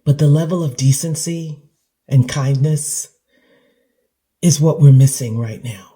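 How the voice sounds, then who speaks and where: Woman, reaction monologue, emotional, halting, slow, mellow. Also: low voice. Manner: emotional, halting, clears throat. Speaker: commentator.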